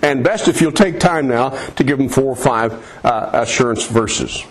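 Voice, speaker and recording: A man's voice: medium pitch, animated, normal speed. A man preaching, leading a listener through a prayer in an earnest, coaxing, repetitive way. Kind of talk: soul-winning demonstration.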